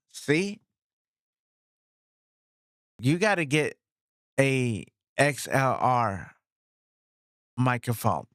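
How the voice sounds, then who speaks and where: A man chatting in a casual vlog about his new microphone setup, excited, repeating himself and talking straight to viewers on a studio mic. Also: medium pitch, no echo. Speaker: streamer reviewing his gear. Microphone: studio microphone, swapped between two.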